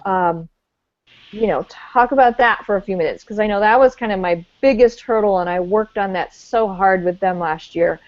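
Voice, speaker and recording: A woman with a mid-pitched voice talks earnestly and rambles through her points with fillers and restarts. The recording is dry and close, with the dull, narrow sound of a video call. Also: moderate pace, a little mellow, dry recording. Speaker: elementary teacher and discussion host. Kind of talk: casual video call discussion.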